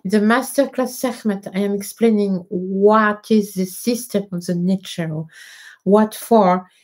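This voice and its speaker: A native French speaker talks in English with a clear French accent, hosting a casual livestream and answering viewers. She speaks slowly and haltingly, filling pauses with uh and um and restarting phrases, with a pitch in the middle range. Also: fairly even intonation, darkish tone. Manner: hesitant, many fillers and restarts, nonnative phrasing. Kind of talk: casual live Q&A.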